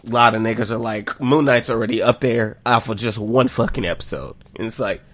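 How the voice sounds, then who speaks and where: A young man co-hosting a podcast in casual chat, animated and profane, laughing often. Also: fairly low pitch, brisk, dry recording. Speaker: podcast co-host.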